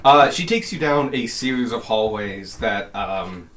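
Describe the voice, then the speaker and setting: A man's voice: lowish voice, lively intonation, a little slow, fairly bright tone, slight background noise. A man narrating a tabletop game as game master, rambling with lots of fillers.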